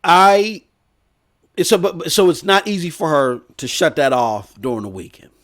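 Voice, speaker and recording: A man hosting a gaming news stream, telling a rambling story in a loud, animated way. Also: on the high side, normal speed. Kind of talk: casual storytelling rant.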